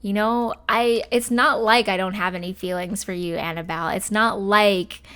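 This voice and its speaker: A woman voicing a supportive young man in a life-sim game, her own relaxed voice reading out his reassuring lines. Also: high voice, moderate pace, smooth.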